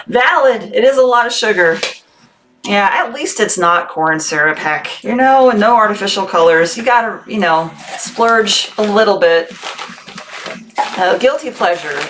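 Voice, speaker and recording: A woman hosting a casual livestream, chatting with viewers and reading their comments aloud. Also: lowish voice. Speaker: livestream seller host. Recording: noisy livestream audio.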